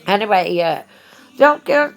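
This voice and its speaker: A woman's voice: mid-range voice, lively intonation, unhurried, creaky, soft background music. A woman chatting into her phone, telling a story bluntly with plenty of slang and swearing. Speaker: vlogger. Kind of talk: casual storytelling monologue.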